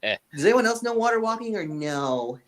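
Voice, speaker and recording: A man's voice: high-pitched, very animated, normal speed. A man running a tabletop horror campaign as game master, rambling and stumbling over repeated words.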